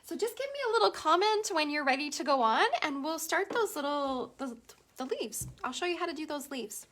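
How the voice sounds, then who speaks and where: A woman's voice: sits high, animated, brisk, a bit bright. A middle-aged Canadian woman chatting with viewers as she teaches a painting tutorial, giggling often. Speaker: painting instructor. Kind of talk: casual live painting tutorial.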